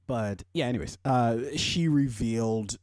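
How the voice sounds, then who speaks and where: Profane rambling podcast host, mellow voice. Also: male voice, medium pitch, a little slow, no room sound, studio quality. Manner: rambling, profane, swings into loud animated rants. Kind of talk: casual pop-culture chat.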